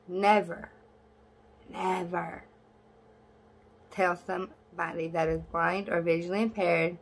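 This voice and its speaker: Young woman vlogging, sassy and blunt, swears a lot, voice shoots way up when she gets annoyed. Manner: voice jumps high when exasperated. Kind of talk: casual talk to camera.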